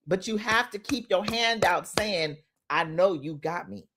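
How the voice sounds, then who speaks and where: A middle-aged woman, giving a motivational talk on a phone livestream, emotional and quick to laugh. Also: mid-range voice, expressive, fairly bright tone. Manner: laughs often, preachy, emotional. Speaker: inspirational speaker.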